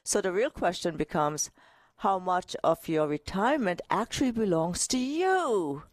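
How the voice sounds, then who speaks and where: A woman co-hosting a retirement money show, talking in a lively, direct, playful way. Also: fairly low pitch, a little slow, dry recording, clean studio sound. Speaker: co-host financial advisor. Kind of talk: casual radio-style talk.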